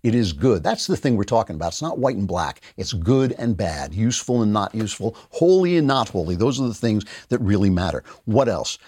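Sarcastic male podcast host, lively pitch. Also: brisk, few pauses, breathy edge, no echo. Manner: sarcastic, mocking quotes of opponents. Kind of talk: political commentary monologue.

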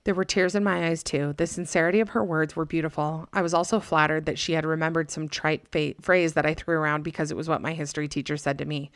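A woman podcast host narrating a scary story in a measured, dramatic reading. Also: deep voice, steady tone, no echo, clean studio sound.

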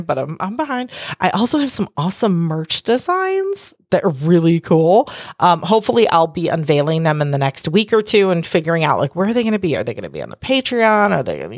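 Talking alone on her podcast, a woman rambles candidly through asides, swears freely, and acts out quotes in a casual monologue. Her pitch is fairly low, and the recording is dry and clean, studio-made.

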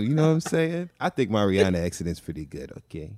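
A man's voice: lowish voice, big pitch swings, fast, a little mellow, no echo. A man hosting a podcast with casual chat, laughing often and stretching out quoted catchphrases. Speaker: podcast host.

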